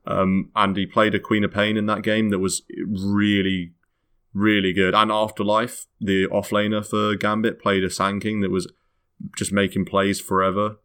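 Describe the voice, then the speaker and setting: Low-voiced British man talking esports. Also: little pitch movement, moderate pace, fairly bright tone, smooth. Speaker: podcast co-host. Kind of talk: casual esports chat.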